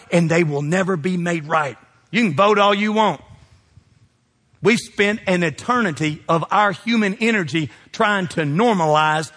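A husky, high-pitched man preaching to his congregation, emphatic and full of call-outs. His voice rings with the long reverb of a big church sanctuary. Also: a bit bright. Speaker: pastor. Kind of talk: sermon. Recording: long reverb of a large hall.

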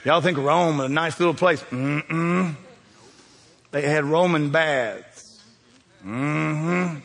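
A man's voice: a little high, slow pace, gravelly, fairly bright tone, big-room sound. A man preaching a sermon in a church sanctuary, folksy and dramatic, talking straight to the congregation.

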